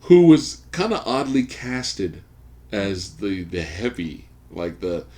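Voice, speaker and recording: Low-voiced guy on a podcast mic, super animated, swings up and down a lot telling a movie story. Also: slow. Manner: animated storyteller, swears freely. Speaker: podcast host. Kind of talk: casual movie review chat. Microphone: studio podcast mic.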